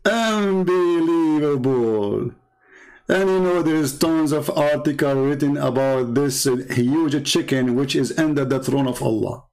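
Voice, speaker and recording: This Christian apologist from the Arab world speaks in a mid-range, slightly mellow voice with fairly even intonation, at a moderate pace with hardly any pauses. His Arabic-accented polemical commentary is sarcastic and mocking, with taunting repetitions of words in bursts.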